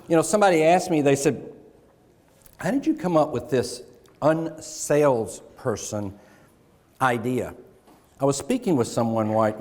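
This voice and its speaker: Joking Southern keynote speaker in a hall. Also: male voice, a little high, darkish tone. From American South. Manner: jokey, folksy, with pauses for laughs. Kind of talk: motivational keynote speech. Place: large conference hall. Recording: long hall reverb.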